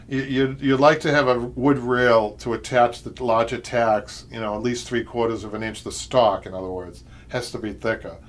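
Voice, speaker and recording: A man's voice: medium pitch, a little hiss or hum. A man with a Boston accent hosting a live upholstery show, chatting and rambling through viewer comments with frequent laughs. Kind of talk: live-stream chat reading viewer comments.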